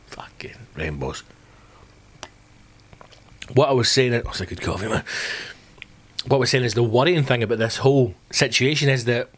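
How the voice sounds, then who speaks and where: A Scottish man hosting a podcast, ranting in a sweary, rambling comic way. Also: mid-range voice. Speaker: podcast host. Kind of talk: comedic podcast rant.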